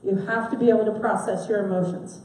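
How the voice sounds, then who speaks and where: A woman giving a sermon, asking her listeners questions and stressing key words with soft pauses. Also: medium pitch, fairly even intonation. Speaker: preacher. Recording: very echoey, from far off the mic.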